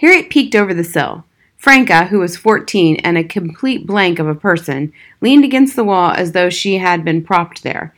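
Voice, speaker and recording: A woman reading a children's novel aloud in measured, scripted narration. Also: on the low side, expressive. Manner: measured storytelling. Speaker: audiobook reader.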